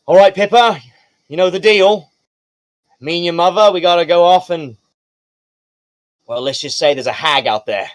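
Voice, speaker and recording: A man voicing a gruff, folksy father who gives his young daughter stern warnings before leaving her. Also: sits high, moderate pace, long pauses, no echo, pitched above the performer's own voice, lightly acted. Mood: gruff, fatherly.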